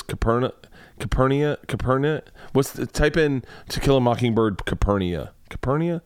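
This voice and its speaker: A man's voice: medium pitch, a little mellow, no echo, clean studio sound. Profane rambling man hosting a podcast. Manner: profane, rambling, quick asides. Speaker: podcast host and comedian. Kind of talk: casual comedy podcast rant.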